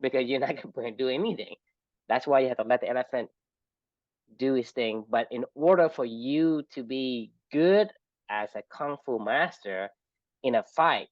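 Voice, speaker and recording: A man co-hosting a podcast in casual chat, reflective and quick to chuckle. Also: mid-range voice, no room sound, muffled recording. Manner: reflective, chuckles often, uses filler like "you know". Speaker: podcast co-host.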